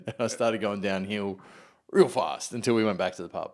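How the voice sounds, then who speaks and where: A man's voice: on the low side, brisk. Man, Australian accent, young adult, casual podcast chat, profane, laughs a lot. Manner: laughs often, profane storytelling.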